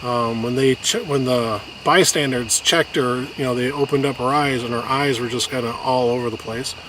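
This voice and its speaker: A man telling an emotional personal story in a halting way, with many restarts, and getting choked up at times. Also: medium pitch, steady tone, a bit bright. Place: outdoors on a hiking trail. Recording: noisy outdoor recording.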